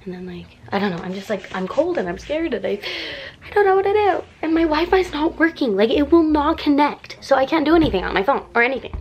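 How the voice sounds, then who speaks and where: Rambling teenage girl vlogging, gravelly. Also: high voice, animated, quick pace, few pauses, dull audio. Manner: anxious, rambling, many "like"s. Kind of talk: casual vlog to camera. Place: inside a small trailer. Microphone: handheld camera, close.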